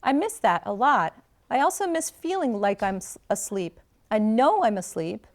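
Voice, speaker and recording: A woman's voice: on the high side, sing-song, normal speed. A woman reading the part of a frank, curious teenage girl student, asking earnest, pointed questions.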